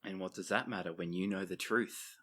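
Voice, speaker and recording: A man acting as game master, narrating a tabletop game in a descriptive, expressive way. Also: low voice, brisk.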